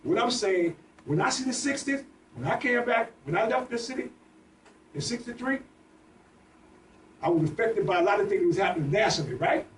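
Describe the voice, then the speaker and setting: A man's voice: high-pitched, lively intonation, a little fast. An older man, speaking on a panel with impassioned, repetitive emphasis. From New Orleans. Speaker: panel speaker, veteran activist. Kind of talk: panel discussion. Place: community bookstore room. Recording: echoey room, distant mic, faint noise.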